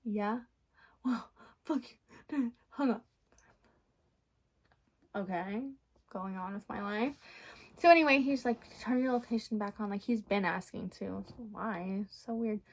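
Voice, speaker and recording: A young woman vlogger telling a storytime rant in a blunt, profane, animated way. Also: medium pitch, measured pace, pauses often.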